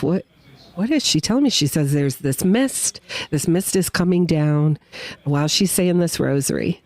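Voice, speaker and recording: A woman with a deep voice appears as a guest witness on a podcast recorded at a winery, telling a personal story with real emotion. She's animated and acts out what people said, and there's no room sound.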